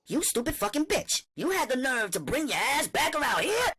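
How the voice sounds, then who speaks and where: A man's voice: very high-pitched, big pitch swings, normal speed, slightly rough, pitched above the performer's own voice, exaggerated voice. A man voicing a furious young woman who shrieks insults in a rage. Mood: enraged. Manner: shrieking, shouting.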